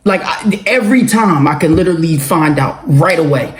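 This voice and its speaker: A man telling his own story in a casual, animated monologue, swearing and laughing often. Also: fairly high pitch, moderate pace, echoey room. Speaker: vlogger telling a personal story.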